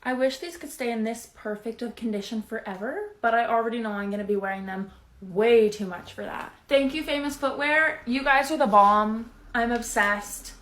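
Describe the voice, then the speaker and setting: A young woman in a vlog who gushes with breathless excitement, gasping as she unboxes. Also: on the high side, moderate pace, roomy sound. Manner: gushing, breathless excitement with gasps. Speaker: influencer.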